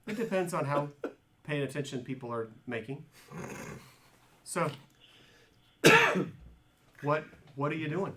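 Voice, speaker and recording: A man running a tabletop game as game master, narrating in a halting way with repeated words and fillers. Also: on the high side, expressive, a bit bright.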